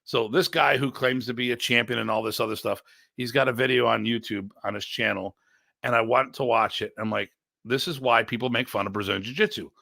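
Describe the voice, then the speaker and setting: A middle-aged man from the United States, a podcast host who also teaches martial arts, tells stories in casual chat with a blunt, joking edge. He's animated and rambling, restarting often and acting out quoted exchanges with jumps in pitch, speaking a little fast with vocal fry. The studio recording is clean, with no echo.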